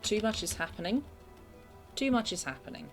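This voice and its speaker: A woman's voice: mid-range voice, sing-song, normal speed, faint music behind. A woman from England chatting casually and getting sidetracked while streaming a video game from her bedroom. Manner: chatty, self-deprecating, easily distracted. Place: home bedroom.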